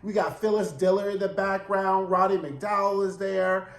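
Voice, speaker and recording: A man recapping a TV episode in a casual monologue, animated, campy and profane in his storytelling. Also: high-pitched, normal speed, reverberant. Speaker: TV recap reviewer.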